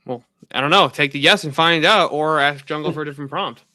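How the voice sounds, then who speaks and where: A man's voice: a little high, brisk, pushed and bright, dry recording. A young man in a heated casual debate, brash and swearing, rambling with restarts.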